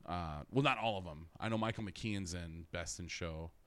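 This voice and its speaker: A man's voice: low voice, normal speed, fairly bright tone. A man co-hosting a casual podcast, reading out listener comments, laughing often and swearing freely. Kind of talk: casual chat.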